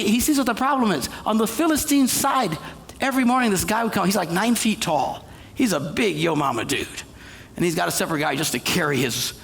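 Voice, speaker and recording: Animated, gravelly-voiced preacher. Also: male voice, high voice, long reverb tail. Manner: animated, jokey, acts out characters with shouted quotes. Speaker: pastor. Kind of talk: comedic sermon storytelling. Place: church auditorium.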